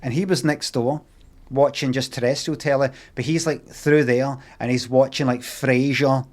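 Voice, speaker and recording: A man's voice: mid-range voice, steady tone, moderate pace. Scottish man, live streamer, rambling anecdote, lots of swearing, casual.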